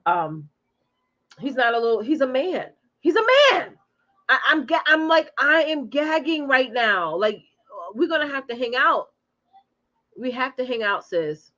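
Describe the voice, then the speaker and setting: A lively woman in her forties hosts a casual live stream from home, reading out viewer comments and chatting back to them. Her voice sits fairly high, and the audio comes through a little muffled and lo-fi. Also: measured pace.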